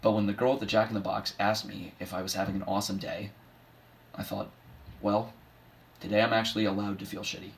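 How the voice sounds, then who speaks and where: A man's voice: on the low side, steady tone, fairly quick, gravelly, a little hiss or hum. BoJack Horseman, a sardonic washed-up horse voiced by a man. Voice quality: dry, sardonic, self-deprecating delivery. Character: bitter middle-aged male horse, washed-up and sardonic. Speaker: son giving a eulogy. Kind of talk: comedic dramatic monologue.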